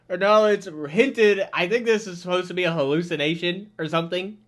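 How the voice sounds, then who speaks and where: This is a reviewer talking to camera in an indoor room, tearing into a show with crude, mocking jokes. The delivery keeps collapsing into hysterical laughter. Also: medium pitch. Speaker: video reviewer. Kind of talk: excited reaction commentary.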